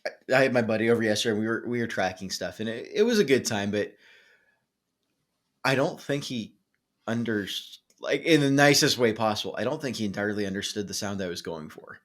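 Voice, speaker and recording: A man's voice: fairly low pitch, animated, fairly quick, fairly bright tone. A man co-hosting a music podcast, telling a rambling story in casual chat with plenty of fillers and restarts. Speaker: podcast co-host.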